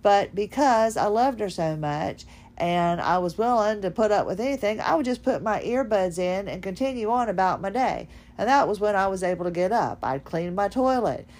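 A woman hosting a podcast in a fast-talking, folksy, animated monologue. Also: mid-range voice. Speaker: podcast host. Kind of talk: casual monologue.

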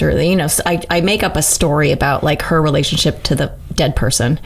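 Low voiced songwriter lady in an interview, salty and candid, laughs a lot. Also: brisk, creaky, slightly rough. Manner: candid and profane, laughs often, talks through ideas aloud. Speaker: singer-songwriter guest. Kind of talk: casual interview chat.

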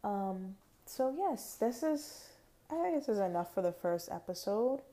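A woman's voice: medium pitch, very animated, unhurried, mellow. Casual rambling woman podcast host. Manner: rambling, conversational, many fillers and restarts. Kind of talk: casual spiritual podcast monologue.

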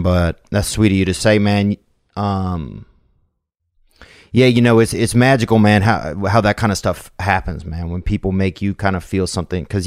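Slangy low-voiced man hosting a podcast. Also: dry recording, clean studio sound. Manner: loose slangy talk, many fillers and restarts, crude jokes. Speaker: podcast host taking voicemail calls. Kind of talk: casual rambling chat.

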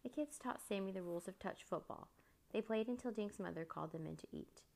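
Gravelly-voiced woman reading a children's book. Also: mid-range voice, a little fast, a little mellow. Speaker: narrator. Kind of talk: children's book read aloud.

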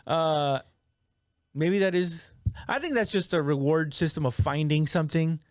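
A man's voice: a little high, measured pace, no echo, clean studio sound. A man in casual podcast chat, rambling with restarts, swearing and joking.

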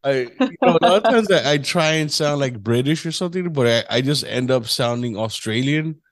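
A man's voice: fairly high pitch, lively intonation, brisk, no room sound. A Mexican American man hosting a casual interview, laid-back and jokey with lots of slang. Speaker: podcast host.

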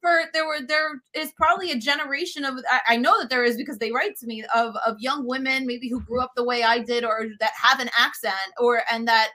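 Thirties woman, cooking show host as guest, bright and animated, laughs at herself. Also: on the high side, fairly quick, few pauses. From United States. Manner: animated and self-deprecating. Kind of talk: casual interview chat.

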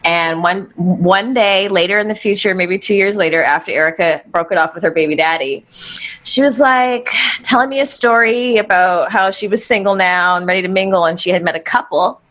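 A woman's voice: mid-range voice, moderate pace, fairly bright tone. A woman telling stories in casual podcast chat, acting out quoted lines and swearing freely, often laughing. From the Valley. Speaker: podcast guest, co-host of a moms podcast.

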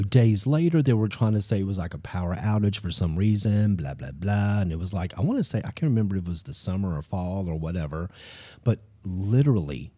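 A podcast host with a deep, husky, dark-toned voice rambles through a casual chat, full of fillers and restarts. The recording is dry.

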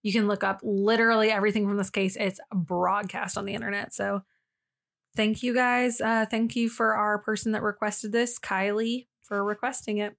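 A woman's voice: medium pitch, flat delivery, moderate pace, gravelly, a bit bright. A young woman co-hosting a casual podcast, chatty and emotional, swearing freely as she tells a personal story. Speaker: podcast co-host. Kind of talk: casual chat.

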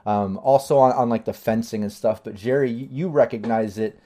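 A man narrating as game master of a tabletop game in a loose, halting way with many fillers. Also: medium pitch, mellow.

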